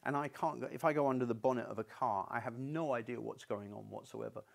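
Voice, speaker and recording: Gravelly-voiced male lecturer. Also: mid-range voice, fast. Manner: conversational, stubborn-toned, frequent restarts. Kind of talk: university lecture. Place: university lecture room.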